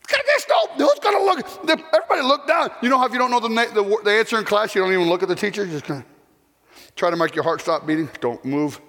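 A man's voice: very high-pitched, bright, forceful tone, in a large hall. A man telling a parable as a chapel sermon, with dramatic, swelling delivery. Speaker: chapel speaker. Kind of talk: sermon storytelling.

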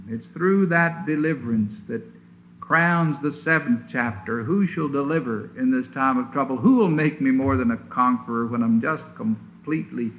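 A man preaching a sermon in an emphatic, deliberate way, leaning hard on single words, heard on a lo-fi old recording from a chapel. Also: medium pitch. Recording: tinny lo-fi old sermon recording with faint hiss.

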